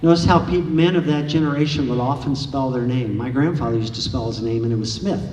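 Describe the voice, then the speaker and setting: A man giving an author's talk at a library, telling anecdotes in a lively way and acting out the dialogue. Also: medium pitch, fast talker. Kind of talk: storytelling lecture to an audience. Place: large echoey lecture room. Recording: echoey hall from far off, faint hiss.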